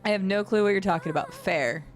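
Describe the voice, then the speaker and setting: A woman streamer chatting casually with her viewers. She has a low vocal fry at the ends of her phrases, rambles, and laughs often. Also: fast talker, music in the background. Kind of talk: casual live-stream chat, reading and answering chat. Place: home streaming setup.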